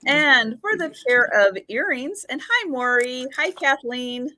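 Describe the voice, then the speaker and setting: Slow, unhurried woman hosting a sale. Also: high voice, expressive, bright, forceful tone. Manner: unhurried, describes items in detail and greets viewers by name. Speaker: live sale host selling vintage items. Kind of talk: casual live-stream sales chat.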